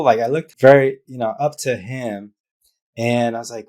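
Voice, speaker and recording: A business founder, appearing as an interview guest, tells an emotional personal story openly and from the heart, using many fillers. His voice is medium in pitch with a moderate pace and a darkish tone.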